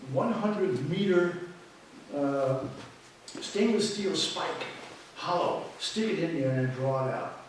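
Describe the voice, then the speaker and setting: A man's voice: on the high side, a little hiss or hum. A man giving a public talk with slides as guest speaker, rambling and repeating words as he restarts his sentences. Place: lecture room with audience. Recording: echoey hall, mic far off.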